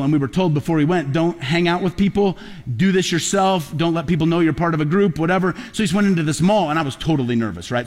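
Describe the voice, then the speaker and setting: Male pastor preaching in a reverberant hall. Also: on the high side. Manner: conversational preaching, builds to loud emphatic peaks. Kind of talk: sermon. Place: large church auditorium.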